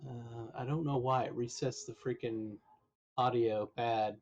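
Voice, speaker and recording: A man live-streams an online role-playing game, chatting casually and muttering with mild exasperation as he troubleshoots his audio, his voice cracking now and then. His voice is mid-range, steady, unhurried, and a little mellow, and the sound is lo-fi.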